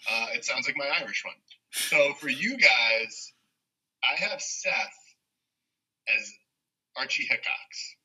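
A man's voice: medium pitch, animated, takes it slowly, pauses often, pushed and bright, husky. A young man telling a rambling story in casual chat on a podcast, laughing often. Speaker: podcast co-host. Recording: dull lo-fi sound.

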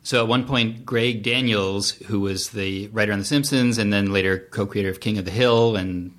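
A man with a lowish yet bright, forceful voice tells stories as a podcast guest. He talks in an animated way, breaking off and restarting his sentences, with laughing asides. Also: moderate pace. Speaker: TV writer-producer guest. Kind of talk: casual interview storytelling.

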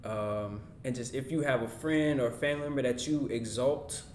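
A man's voice: medium pitch, moderate pace, echoey room, slight background noise. A man hosting a podcast, closing the episode with heartfelt, plain-spoken words. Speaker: podcast host. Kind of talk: casual chat.

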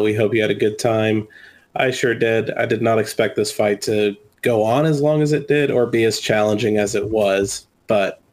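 A man hosting a tabletop game podcast as game master, wrapping up the session in a relaxed, upbeat way. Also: on the low side.

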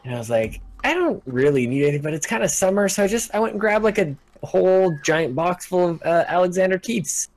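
Man in his thirties, chatty podcast guest, lively voice that swings up and down, a bit high. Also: fairly quick, hardly any pauses. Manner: rambling, jokey storytelling. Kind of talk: casual podcast chat.

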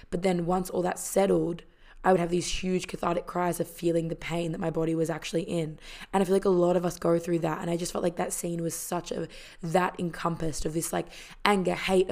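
A woman's voice: on the low side, darkish tone. A woman casually retelling a movie in a chatty, heartfelt way, full of fillers and the odd swear word. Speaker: vlogger.

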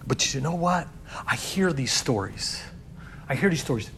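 A man who leads a youth group, telling stories in an inspirational sermon, earnest and repeating words as he builds, dropping to a hush and then rising loud. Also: medium pitch, expressive, normal speed, slight background noise. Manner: earnest, swings from hushed to loud emphasis.

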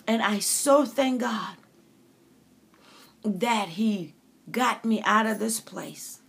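A woman's voice: mid-range voice, drawn-out words, gravelly, fairly bright tone, slightly rough. A middle-aged woman from the Caribbean, an author giving a faith-based motivational talk, preachy and calling listeners honey and baby. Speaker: author and inspirational speaker.

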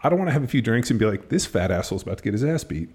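A man telling stories in a casual chat, animated and swearing freely, acting out what people said. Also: mid-range voice, racing, breathy edge. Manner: animated storytelling, swears a lot, acts out quotes.

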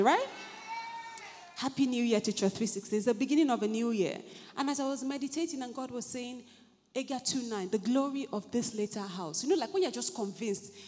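A woman pastor preaching a sermon fervently, building to shouted repeated phrases. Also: fairly high pitch, in a large hall. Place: church hall.

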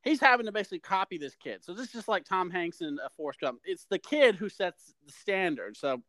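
A man's voice: sits high, expressive, brisk, fairly bright tone, dry recording. A man co-hosting a podcast, giving rambling, opinionated film criticism in casual chat. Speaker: podcast co-host.

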